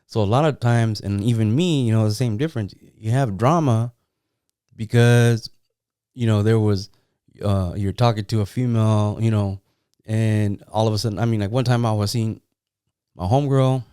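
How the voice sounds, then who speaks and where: A man's voice: fairly low pitch, normal speed, mellow, smooth, no echo, clean studio sound. A middle-aged man from San Jose, California, hosting a podcast and telling rambling, profane, streetwise stories in a casual way. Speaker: podcast host. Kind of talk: casual storytelling.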